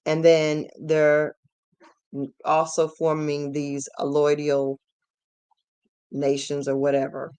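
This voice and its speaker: A woman giving an emphatic, repetitive ranting commentary as host of her channel, at times rising to shouts. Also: low-pitched, monotone, slow, long pauses, clear, resonant tone.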